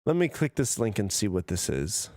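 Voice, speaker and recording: A man's voice: fairly low pitch, big pitch swings, normal speed, a little mellow, no echo, studio quality. A drunk man streaming a game, rambling, swearing and chatting with his viewers. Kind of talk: casual live-stream chat.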